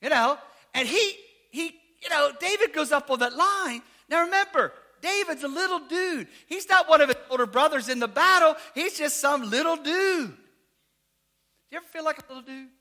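A male pastor preaching a sermon, shouting out lines, calling for amens, and telling stories in folksy slang. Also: very high voice, animated, normal speed.

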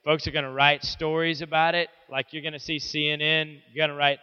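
A man's voice: fairly high pitch, level tone, a little fast, smooth. A man teaching a Bible lesson to teenagers in a casual, joking, conversational way. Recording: echoey hall, dull lo-fi sound.

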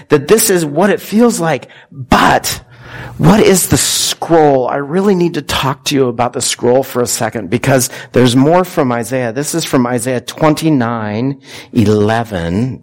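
Man, mid-pitched pastor; casual, questioning sermon delivery to a church congregation. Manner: conversational, asks the congregation questions.

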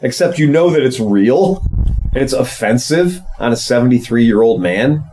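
A man's voice: medium pitch, animated, moderate pace, dark tone, a little hiss or hum, rough recording. A man co-hosting a casual podcast, telling stories in a sardonic, profane way. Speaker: podcast co-host and motorcycle shop owner.

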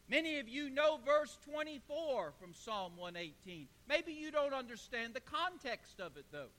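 A male pastor delivers a sermon at an unhurried pace, stacking one emphatic phrase after another. His voice sits very high and bright. The sound rings with the long reverb of a church hall. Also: big pitch swings. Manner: emphatic repetition, call-and-response with congregation. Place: church sanctuary.

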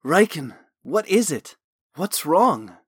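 Storybook role: an intense, haunted young nobleman, high and forceful, delivered dry and close, as a male narrator puts him on. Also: sing-song, slow pace, slightly rough, no room sound, full character voice. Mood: confused. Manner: impassioned, earnest. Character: troubled wealthy young man, haunted and intense.

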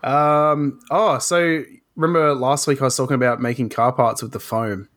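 A man co-hosting a casual podcast, talking in a relaxed, rambling way with many fillers. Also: mid-range voice, normal speed. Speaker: podcast co-host.

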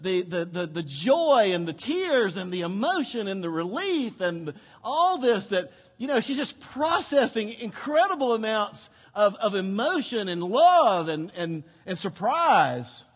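A male pastor preaching a sermon, telling the story expressively, dropping to a hush and then rising to emphasis. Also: high voice, a little slow, hardly any pauses. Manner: expressive storytelling, swinging between hushed and emphatic. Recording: long hall reverb.

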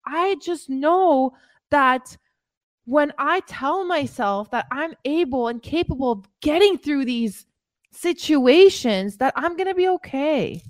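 A woman's voice: high-pitched, animated, slow, no room sound, clean studio sound. A woman fitness coach hosting a motivational podcast, talking emphatically and repeating phrases for stress.

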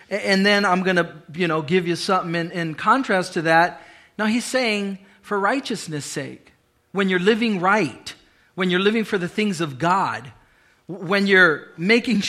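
A man's voice: sits high, pushed and bright. A male pastor preaching a sermon, emphatic and repeating key phrases for weight, mixed with conversational asides.

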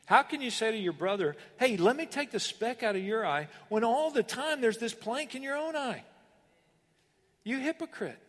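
A man preaching a sermon as pastor, animated and emphatic, with sudden rises and pauses. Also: very high-pitched, long reverb tail.

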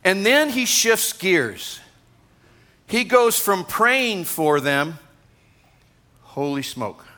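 A man's voice: high voice, sing-song, very slow, pauses often, bright, forceful tone. A man in his sixties, a pastor, preaching a sermon to a congregation in a conversational way, with asides to the room. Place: church gathering.

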